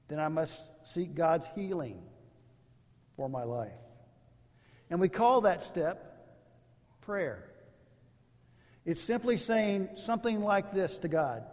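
High-voiced male pastor, echoing hall. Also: animated, slow, pauses often. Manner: conversational storytelling with rhetorical asides. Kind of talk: sermon.

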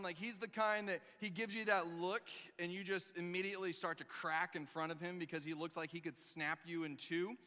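Animated male pastor in a reverberant hall. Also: sits high. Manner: animated storyteller, acting out quotes with loud emphasis. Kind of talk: sermon.

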